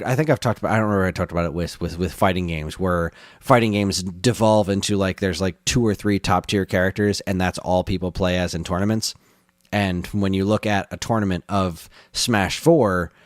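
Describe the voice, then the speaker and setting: A man's voice: deep voice, no room sound, studio quality. A man co-hosting a gaming podcast in casual chat, enthusiastic and rambling, often laughing. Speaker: podcast co-host.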